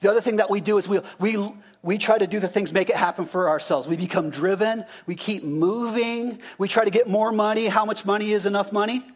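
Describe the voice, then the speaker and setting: This is a pastor delivering a sermon in a loose, chatty way. His voice sits notably high for a man. He keeps turning to the people in front of him with questions and repeats what they call out. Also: steady tone, fairly quick. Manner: conversational, asks the congregation questions and repeats their answers. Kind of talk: interactive sermon.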